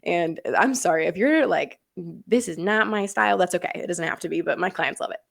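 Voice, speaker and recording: A woman's voice: lowish voice, brisk, creaky, fairly bright tone, no echo, clean studio sound. A young woman hosting a podcast as a business coach, talking earnestly and emphatically with frequent laughs. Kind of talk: casual podcast monologue.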